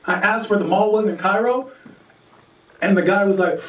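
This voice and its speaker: An American man performing a stand-up comedy set, animated, acting out characters in sudden high voices and laughing at his own jokes. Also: moderate pace, pauses often. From United States. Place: comedy venue stage. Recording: roomy distant stage mic.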